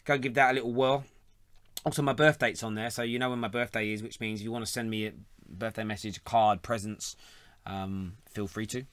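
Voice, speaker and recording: A man's voice: fairly low pitch, fairly even intonation, brisk, a bit bright, smooth, dry recording. A man, hosting a live football phone-in, chatty and laughing often. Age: 30s. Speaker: phone-in host. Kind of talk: casual live show chat.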